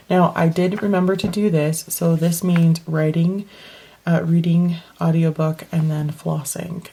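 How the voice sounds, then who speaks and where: Woman with a gravelly morning voice. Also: deep voice, dark tone. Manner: rambling, self-correcting, laughs often. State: deep morning voice. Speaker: bullet journal vlogger. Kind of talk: casual chatty tutorial.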